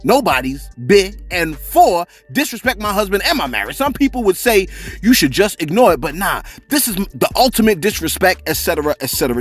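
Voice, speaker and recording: A man hosting a celebrity gossip channel, talking in animated, joking street slang. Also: on the high side, breathy edge.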